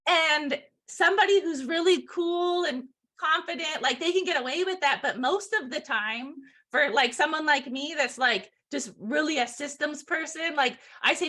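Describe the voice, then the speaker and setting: A woman co-hosting a sales podcast, chatting in an energetic, bubbly way with frequent giggles. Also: high-pitched, normal speed, few pauses. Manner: bubbly, energetic, giggly, with playful acted-out phone calls. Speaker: podcast co-host and sales trainer. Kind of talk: lively sales podcast chat.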